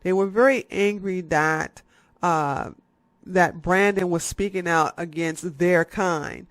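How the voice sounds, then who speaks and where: A YouTube commentator giving satirical, ranting commentary, profane and sarcastic, firing off fast bursts of talk. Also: medium pitch, a bit bright, no echo.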